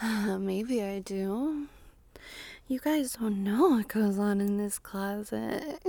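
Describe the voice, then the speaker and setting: A woman in a whispered intimate monologue, breathy and sighing, speaking slowly and lingering, recorded in a small closet. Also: on the high side, no room sound. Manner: breathy, sighing, slow and lingering, with soft laughs. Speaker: adult audio creator.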